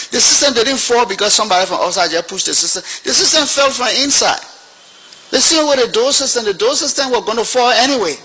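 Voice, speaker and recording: A man's voice: sits high, bright, forceful tone, husky, poor audio. An older man with a Liberian English accent telling a story as a witness at a hearing, animating the people he quotes. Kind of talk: storytelling testimony.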